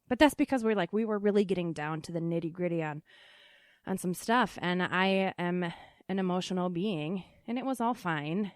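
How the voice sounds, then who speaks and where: A woman's voice: on the low side, no room sound. A young adult woman hosting her own podcast, chatting casually and confessionally with a rambling, self-deprecating manner and many filler ums, close on the microphone. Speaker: podcast host.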